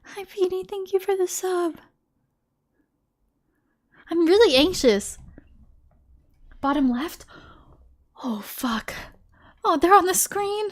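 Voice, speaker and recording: A woman's voice: very high-pitched, animated, measured pace, a bit bright. A woman streaming a video game live, anxious and swearing as she talks to herself and thanks viewers. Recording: faint music behind.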